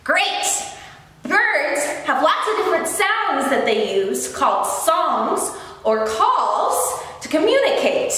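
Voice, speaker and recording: A young woman working as an environmental educator, leading a story time lesson for toddlers in a bright sing-song manner. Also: high-pitched, very animated, takes it slowly. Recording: echoey room with long reverb.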